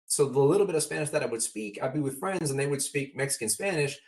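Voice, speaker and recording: A man's voice: mid-range voice, lively intonation, fast, darkish tone. A man from Southern California, a motivational speaker, talking candidly as a podcast guest and telling earnest stories in which he acts out remembered exchanges.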